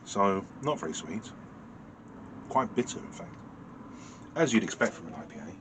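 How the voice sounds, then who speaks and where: A man from the United Kingdom reviewing a beer in a casual vlog, talking in a dry, understated way with many pauses and fillers. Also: lowish voice, very animated, noisy background.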